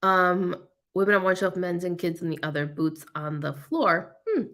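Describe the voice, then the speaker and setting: A woman with a slightly low, somewhat bright voice hosts a casual reseller livestream at a moderate pace. She reads out viewer comments, chatting and laughing a lot with plenty of ums. She's coughing and her eyes are watering.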